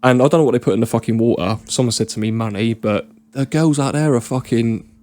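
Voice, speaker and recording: A British man tells long, rambling stories on a podcast in a casual, laddish way, with plenty of slang and swearing. His voice sits at an everyday middle pitch. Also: quick pace, darkish tone. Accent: British English. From Britain. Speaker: podcast guest. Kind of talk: casual storytelling chat.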